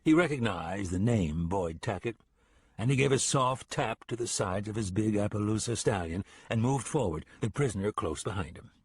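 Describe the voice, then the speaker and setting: A man narrating a western audiobook in an even, measured storytelling voice, close to the mic. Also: fairly low pitch, breathy edge, no echo. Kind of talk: scripted narration.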